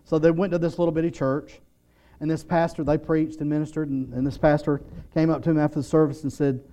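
A man's voice: on the high side, little pitch movement, quick pace, dark tone. A man preaching a sermon, telling stories and acting out the lines of the people in them. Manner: storytelling, acts out quotes, imitates muffled "wah wah" voice.

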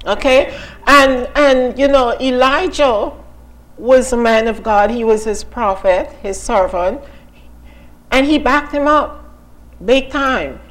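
Chatty woman preaching in a high voice. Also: takes it slowly, rough recording. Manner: conversational, many "you know" asides, asks the listeners questions. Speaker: Bible teacher. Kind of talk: informal sermon and personal testimony.

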